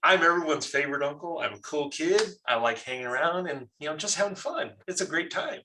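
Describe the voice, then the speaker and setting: A man's voice: a little high, lively intonation, fairly quick, sharp tone, pitched above the performer's own voice. A man playing a goofy, teasing "favorite uncle" warlock who pesters everyone playfully. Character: goofy cool-uncle warlock, pushy prankster. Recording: far from mic with faint noise.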